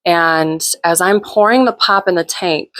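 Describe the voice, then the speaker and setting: A woman's voice: on the low side, a little slow, a bit bright. A woman hosting her own show, telling a personal story in a candid, chatty way with plenty of swearing. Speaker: host. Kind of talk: casual storytelling.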